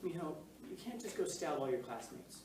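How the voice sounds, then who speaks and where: A man voicing a laid-back, calm male school administrator who speaks softly and never raises his voice, heard in an echoey room from a distance. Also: fairly high pitch, slight background noise. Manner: calm, unhurried, soft-spoken.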